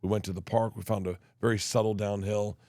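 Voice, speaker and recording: Low-voiced guy telling a story, rambly, lots of restarts, dry close sound. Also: little pitch movement, fairly quick, a little mellow, no echo. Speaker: comedian guest. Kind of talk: casual chat.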